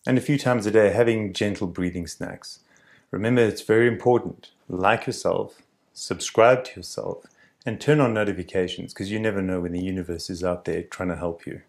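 A middle-aged man teaching gentle breathing practice outdoors, speaking in a calm, encouraging way. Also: low-pitched, normal speed, creaky, no echo. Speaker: breathing coach. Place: outdoors in a canyon.

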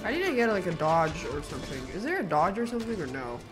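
A woman's voice: lowish voice, quick pace. A woman streamer giving live gameplay commentary, yelping and swearing as the game goes on. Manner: excitable, yelps and swears at the game. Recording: game music under the voice.

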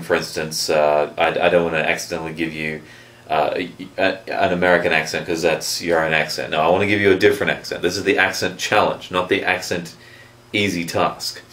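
A man with a deep, low voice chats casually to his channel's viewers, hesitating and restarting often as he explains things. The sound has a noticeable roomy echo, as if recorded in a room at home. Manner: chatty, hesitant with frequent restarts. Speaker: YouTube channel host. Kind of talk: casual vlog announcement.

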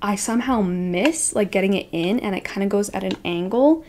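A young woman in her twenties tells a story straight to camera as a book vlogger. Her delivery is animated and self-mocking, with her voice sitting in a middle pitch for a woman. She peppers her sentences with "like" and laughs at herself as she goes. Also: moderate pace. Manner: animated, self-deprecating, says "like" often.

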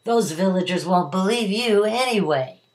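A woman voices a hungry, grumpy old male wolf who growls and schemes, sounding sly. Her mid-range voice has lively intonation and a moderate pace, pitched above her own natural voice yet close to everyday speech.

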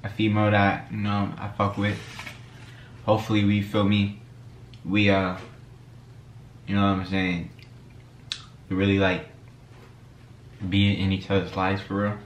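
A man's voice: on the low side, completely flat delivery, unhurried, long pauses, a little hiss or hum. Laid-back young man chatting while eating. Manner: laid-back slangy talk, full of "you know what I'm saying". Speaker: vlogger and musician. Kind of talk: casual mukbang chat while eating. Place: room at home. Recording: echoey room.

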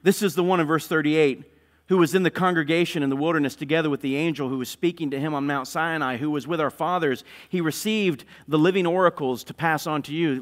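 A male pastor preaching a sermon, swinging between loud, fervent declarations and hushed, intense passages. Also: on the high side, quick pace. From North Carolina, USA.

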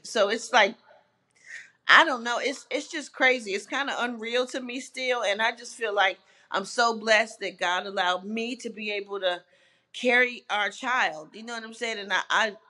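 A woman's voice: a little high, pushed and bright. A woman guest talking candidly and bluntly, swearing and laughing as she goes. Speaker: interview guest. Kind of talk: casual, candid chat.

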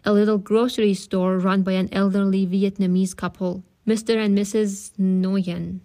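Female reader of novels aloud, calm and steady narration, mid-range voice. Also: mid-range voice, moderate pace. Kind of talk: audiobook-style reading.

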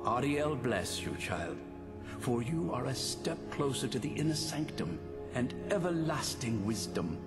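A man's voice: medium pitch, very animated, unhurried. An actor playing a ghostly old male shrine priest in a fantasy video game, speaking in a solemn, ceremonial manner. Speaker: game character. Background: game music.

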